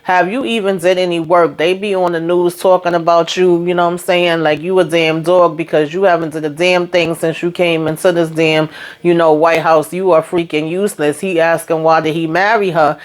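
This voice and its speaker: A woman's voice: lowish voice, fairly even intonation, normal speed. Chatty woman recapping TV episodes. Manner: chatty, retelling scenes in quoted voices with frequent asides. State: coming down with a cold. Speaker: TV recap host.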